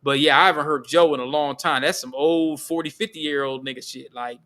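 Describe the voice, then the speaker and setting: Podcast host guy, kinda high bright voice, loose and slangy, asks lots of questions. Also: fairly even intonation, a little fast. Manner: easygoing, slangy, curious questions. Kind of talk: casual chat.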